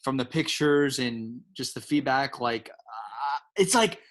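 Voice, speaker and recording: A man's voice: medium pitch, expressive, slow pace, a bit bright. A middle-aged man from Chicago with a Chicago accent, chatting casually as a guest with lots of restarts and enthusiasm. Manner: enthusiastic, rambling with many restarts. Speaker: guest, home pizza maker. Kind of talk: casual chat.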